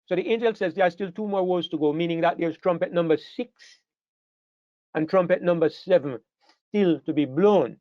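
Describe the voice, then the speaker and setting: A man with a fairly high voice leads a Bible study class, pressing his points by repeating key words and stopping to ask whether the room follows him. The recording is dull and lo-fi, with a dry sound close to the voice. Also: normal speed, dry recording.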